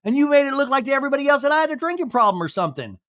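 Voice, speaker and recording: A man putting on the voice of an upset young woman from reality TV, high and pleading. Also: very animated, racing, fairly bright tone, heavily acted. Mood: hurt.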